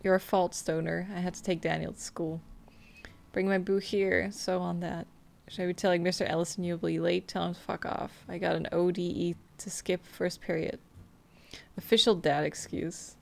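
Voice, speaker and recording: Gravelly woman reading game texts aloud. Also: fairly low pitch. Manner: reads on-screen text messages aloud in a flat, quick way, with frequent laughs. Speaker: gameplay streamer. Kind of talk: casual let's-play commentary.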